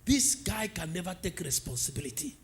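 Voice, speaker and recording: A middle-aged man with a Nigerian accent, preaching a sermon as pastor and telling animated stories to the congregation. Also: high-pitched, a little fast. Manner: animated storytelling preacher, asks the congregation questions.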